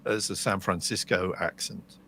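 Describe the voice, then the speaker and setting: A man's voice: low-pitched, fairly even intonation, normal speed, bright, forceful tone, husky. An English man co-hosting a podcast, telling long rambling stories in casual chat. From England. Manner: chatty, rambling storyteller. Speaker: podcast co-host.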